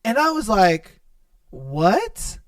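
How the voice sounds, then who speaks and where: A man's voice: high-pitched, extremely slow, no room sound, recorded from a distance. Profane young man telling a story. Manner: profane, animated, laughs while telling stories. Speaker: podcast host. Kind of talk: casual storytelling monologue.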